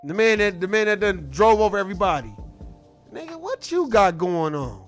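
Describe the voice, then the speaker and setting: A man's voice: high-pitched, sing-song, normal speed, soft background music. A man delivering a heated, slangy monologue full of repeated rhetorical questions. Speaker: political commentator. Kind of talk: casual ranting monologue.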